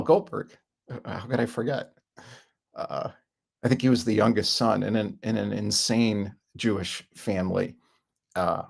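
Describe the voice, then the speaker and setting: A man's voice: on the low side, darkish tone. A middle-aged man giving a rambling self-help talk, full of fillers and frequent chuckles. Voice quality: gravelly, husky.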